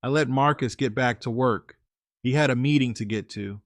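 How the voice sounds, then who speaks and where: A man's voice: medium pitch, normal speed, dry recording, clean studio sound. A man narrating his own story in a casual, conversational way, talking to his listeners directly. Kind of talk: first-person story narration.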